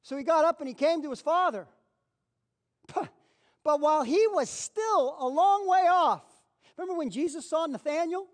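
A man preaching a sermon, animated, acting out the people in the Bible story and repeating phrases for emphasis. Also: extremely high pitch, moderate pace, pauses often.

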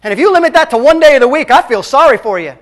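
A man preaching a sermon as a pastor, emphatic and swinging between loud and hushed. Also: very high-pitched, animated, very fast.

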